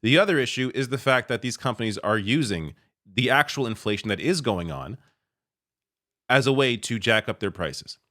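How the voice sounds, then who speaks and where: A man's voice: mid-range voice, lively intonation, normal speed, a bit bright. A man commenting on news clips, sarcastic and exasperated, often laughing in disbelief. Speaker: political commentator.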